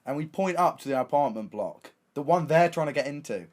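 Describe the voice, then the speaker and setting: A young man with an English accent tells a story on his stream, excitable and full of slang. He keeps restarting his sentences as he goes. His voice sits a little high and moves a lot. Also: a little fast. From England. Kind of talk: casual storytelling.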